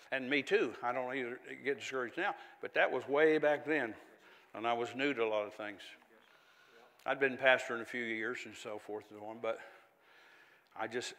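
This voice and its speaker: An older man, a pastor telling stories in a sermon and rising to zealous, loud preaching. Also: medium pitch. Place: church hall. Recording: echoey church hall.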